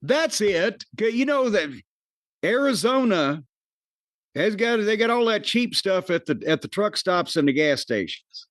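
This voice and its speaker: A man's voice: high-pitched, sing-song, a little slow, no echo. A man hosting a podcast, giving profane, opinionated reviews of a wrestling show with dry jokes. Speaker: podcast host. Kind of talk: casual wrestling review chat.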